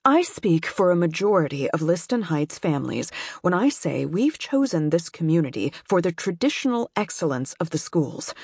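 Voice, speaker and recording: A woman's voice: lowish voice, big pitch swings, normal speed, a little mellow, breathy edge, no room sound, clean studio sound, full character voice. A woman voicing an anonymous mother who leaves a stiff, prepared, accusing phone message with a slight tremor. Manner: stiff, reading a prepared statement.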